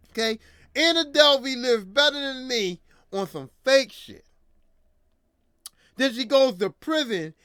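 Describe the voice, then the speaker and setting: A man's voice: very high-pitched, pushed and bright, no echo, clean studio sound. A man hosting a podcast, ranting in casual, profane, slangy talk, repeating himself, a little drunk. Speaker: podcast host.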